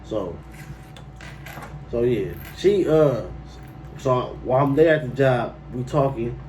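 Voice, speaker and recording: A man's voice: medium pitch, slow pace, recorded from a distance, slight background noise, rough recording. Slangy man telling a storytime. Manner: animated, slangy, incredulous outbursts. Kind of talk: casual storytime monologue.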